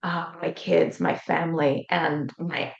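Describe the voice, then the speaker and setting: A woman's voice: sits low, level tone, slow pace, gravelly. Earnest woman telling a personal story. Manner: earnest, vivid retelling that acts out quoted voices. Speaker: interview guest, life coach. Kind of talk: personal storytelling in a podcast interview. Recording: roomy, slightly dull sound.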